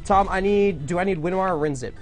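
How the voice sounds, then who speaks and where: A young man casually chatting on a live game stream, goofy with loud self-amused outbursts. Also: high voice, fast, soft background music.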